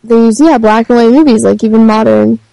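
Quippy teasing co-host, dry close sound, casual banter. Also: male voice, very high-pitched, steady tone, a little fast, vocal fry, mellow, no room sound, rough recording. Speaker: podcast co-host.

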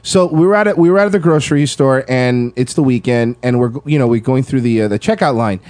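A man's voice: mid-range voice, brisk, no room sound. A man co-hosting a casual podcast, telling a story with lots of swearing and acting out the people he quotes. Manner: profane, animated storyteller, acts out quotes. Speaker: podcast co-host.

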